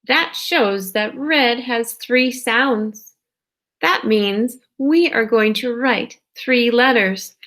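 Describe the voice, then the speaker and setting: A kindergarten teacher, a woman, giving a slow, patient phonics lesson, stretching out sounds and checking in with young children. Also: on the high side, expressive, a bit bright. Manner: stretches out sounds and words slowly, checks in with "okay?".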